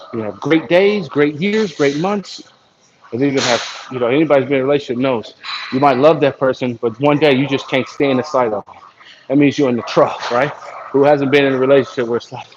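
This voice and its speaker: American man, gym livestream, casual and rambling, muffled with background noise. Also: medium pitch. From United States. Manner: rambling, self-motivating. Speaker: vlogger. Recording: dull lo-fi sound with steady noise.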